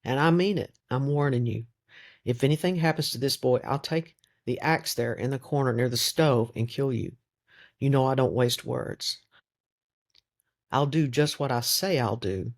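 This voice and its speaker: A man's voice: medium pitch, normal speed, gravelly, natural voice. A man reading the lines of a fierce, protective peasant woman who makes cold, cutting threats in an audiobook. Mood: menacing.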